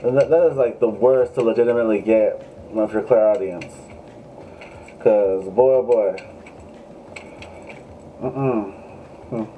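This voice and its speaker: A man's voice: on the low side, unhurried, pauses often, narrow, tinny audio, slight background noise. A man giving a casual, joking live tarot reading, swearing freely and talking straight to his viewers. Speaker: tarot reader.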